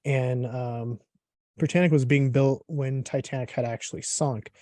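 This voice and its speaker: A man hosting a casual interview, talking in a relaxed, rambling way with lots of fillers. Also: mid-range voice, unhurried, dry recording. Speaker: podcast host.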